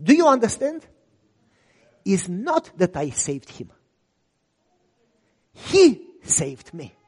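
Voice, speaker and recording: A man's voice: sits high, slow, slightly rough, big-room sound. A man preaching a sermon as a pastor, telling a story and acting out the dialogue. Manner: animated, acts out both sides of dialogues.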